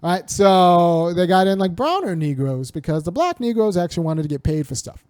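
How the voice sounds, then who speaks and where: A man's voice: high voice, lively intonation, moderate pace, a little mellow, smooth, dry recording, studio quality. A man hosting a casual spoken commentary, talking in a digressive way with frequent restarts and wry laughs. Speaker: host and commentator.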